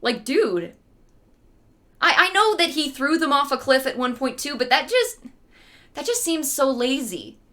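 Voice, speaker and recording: A woman's voice: high-pitched, sing-song, a little slow, pauses often, bright, forceful tone. A young woman casually retelling an old story with sarcastic, playful asides, as a streamer.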